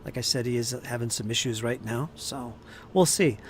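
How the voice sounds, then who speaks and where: A man running a tabletop game, wrapping up the session in a relaxed, joking way while tired from no sleep. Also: medium pitch, moderate pace, slight background noise. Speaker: game master. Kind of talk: post-session wrap-up chat.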